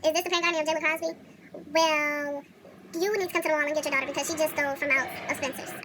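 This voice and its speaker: A young woman voicing a male store security guard calling a parent, talking in a rapid, clipped, official way. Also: high voice, steady tone, pushed and bright, slight background noise, voice pushed up. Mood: stern.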